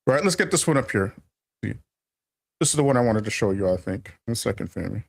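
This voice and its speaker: A man's voice: lowish voice, animated, fairly quick, vocal fry. A man hosting a casual commentary monologue, emphatic and repetitive, calling his viewers family and laughing often. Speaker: channel host.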